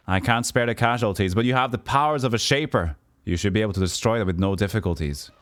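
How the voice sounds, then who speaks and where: A man's voice: expressive, brisk. A man streaming a role-playing game, reading its dialogue and narration aloud, lifting his voice for the characters and stumbling over words now and then. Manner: reads text aloud, voicing characters with a raised pitch, stumbles and restarts.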